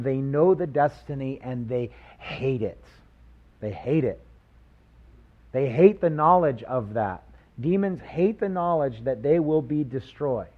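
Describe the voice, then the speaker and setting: A man preaching a sermon, animated, with rhetorical questions and acted-out quotes. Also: medium pitch, muffled recording. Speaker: pastor.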